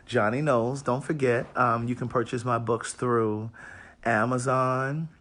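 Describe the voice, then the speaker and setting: A raspy-voiced man from Maryland, an author hosting a casual livestream from a hotel room and greeting viewers by name. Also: mid-range voice, level tone, measured pace, a bit bright.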